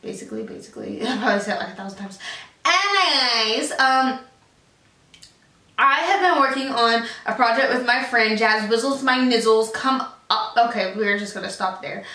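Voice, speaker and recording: Bright young woman, echoey vlog. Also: fairly high pitch, lively intonation, normal speed. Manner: rambling, lots of fillers, slangy. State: out of breath. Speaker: vlogger. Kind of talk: casual chat to camera. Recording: echoey room, far from mic.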